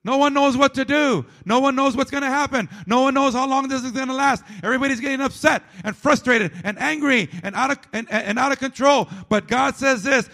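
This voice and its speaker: A man preaching a sermon, emphatic and repetitive, dropping to a low, quiet delivery at times. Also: fairly quick, creaky, few pauses.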